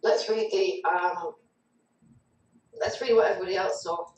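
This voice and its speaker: A woman's voice: lowish voice, steady tone, normal speed. Shaken woman medium, echoey distant mic. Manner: shaky, reads chat comments aloud. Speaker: spirit medium guest. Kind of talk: live online show chat.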